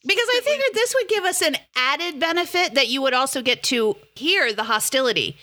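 A woman co-hosting a podcast in casual chat, giggly and animated. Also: high voice, fairly quick, dry recording. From lives in the US South. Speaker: podcast co-host.

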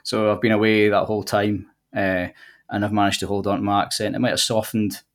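A man in his forties with a Scottish accent, chatting on a podcast as a guest and telling relaxed, nostalgic stories with plenty of fillers. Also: on the low side, fairly quick. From southwest Scotland. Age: 40s. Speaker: golf links manager guest. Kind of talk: casual podcast chat.

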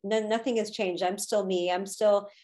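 A woman's voice: medium pitch, steady tone, normal speed, a little mellow. A woman in her thirties, a podcast guest, telling a personal story in a candid, emotional way with frequent fillers. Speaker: podcast guest, spiritual teacher.

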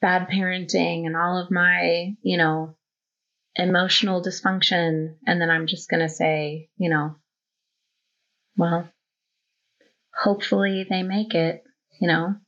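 A woman's voice: on the low side, flat delivery, a little slow, pushed and bright. A woman guest on a podcast, in her thirties or forties, talking openly and telling stories, with many fillers. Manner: open, storytelling, full of fillers. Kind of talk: casual conversation. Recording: dull lo-fi audio.

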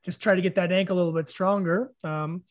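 A man's voice: high-pitched, fairly even intonation, fast. A man hosting a casual interview, chatting easily with his guest. He talks conversationally and uses plenty of fillers. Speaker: podcast host.

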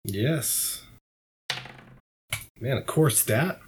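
A man's voice: medium pitch, expressive, drawn-out words, noisy background. A man playing a tabletop game, chatting in a laid-back, wry way. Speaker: player. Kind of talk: casual chat in a tabletop game.

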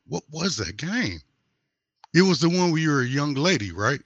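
Husky, enthusiastic man. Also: a little high, very animated, normal speed, no echo, lo-fi sound. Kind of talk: casual podcast chat.

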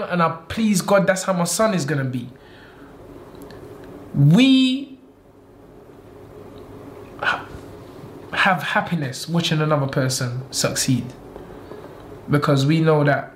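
A man, a boxing trainer and manager talking in a casual interview, animated and quick to laugh, repeating himself for emphasis. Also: high voice, a little hiss or hum. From England.

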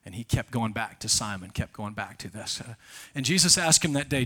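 A man preaching a sermon as pastor at a church service, telling stories emphatically and swinging between loud and soft. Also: medium pitch, lively intonation, brisk.

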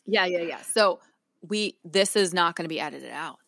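A woman with a faint Southern accent hosts a relaxed podcast conversation. Her voice sits a bit low and sounds close and dry into her own microphone. She tells stories freely and laughs often. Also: creaky, no room sound. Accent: slight Southern US. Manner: talkative storyteller, quick to laugh. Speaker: podcast host. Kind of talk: casual chat.

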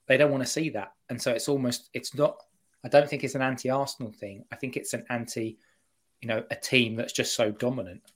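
A man giving his opinion in a casual football podcast chat, rambling and animated. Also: medium pitch, brisk. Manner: animated, rambling fan talk.

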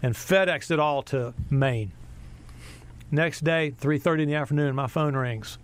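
A middle-aged American man, a sports broadcaster, spins a lively story in an interview. His voice sits a touch high, and he slips into the voices of the people he quotes. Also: a little slow. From USA. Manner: animated storyteller, acts out quotes.

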